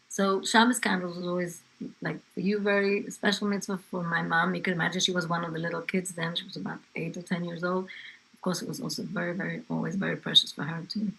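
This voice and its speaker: A woman's voice: fairly low pitch, level tone, brisk, gravelly, pushed and bright, breathy edge, low-quality recording. An older woman from England telling her grandchild family stories in a conversational way, with fillers and asides. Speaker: interviewee, grandmother. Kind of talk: family history storytelling.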